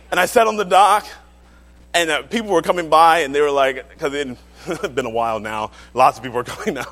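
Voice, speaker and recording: Animated male pastor in a reverberant hall. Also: fairly high pitch, brisk. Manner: animated storytelling with frequent laughter. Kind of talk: sermon with personal story.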